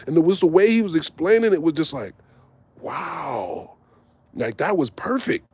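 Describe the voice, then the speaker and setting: A man casually telling a personal story in an animated, slangy way, with frequent asides to his listeners. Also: a little high, moderate pace, husky, no room sound. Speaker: host.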